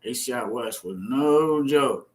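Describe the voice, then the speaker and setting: A man's voice: medium pitch, slow. Man telling a profane prison story. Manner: profane, repetitive, acts out the scenes with sound effects. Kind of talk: casual spoken storytelling.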